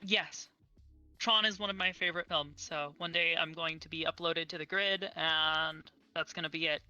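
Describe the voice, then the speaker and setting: A woman's voice: low-pitched, steady tone, moderate pace, sharp tone, highs cut off, faint music behind. A young woman speaking as an interview guest in casual chat, earnest and enthusiastic, on an online voice call.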